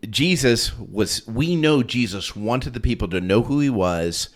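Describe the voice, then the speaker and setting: A man's voice: medium pitch, lively intonation, unhurried. A man co-hosting a podcast, earnestly talking through a Bible passage in casual conversation, asking pointed questions with restarts. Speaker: podcast co-host.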